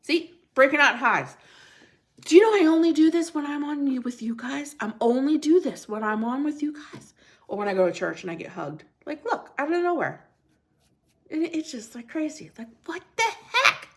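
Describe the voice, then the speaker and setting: A woman's voice: high voice, animated, moderate pace. A middle-aged woman hosting a casual livestream, chatting and laughing as she reacts to viewer comments.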